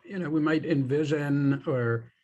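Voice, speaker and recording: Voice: medium pitch, a little slow, a little mellow, lo-fi sound. A host asking a long, rambling question on a video call, thinking aloud along the way. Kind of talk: conversational interview questions.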